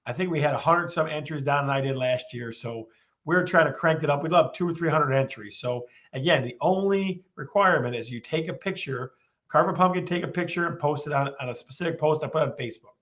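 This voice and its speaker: A man's voice: on the high side, fairly quick, fairly bright tone. A man hosting a live-streamed real estate show, talking with lots of energy and repeating his questions to the viewers.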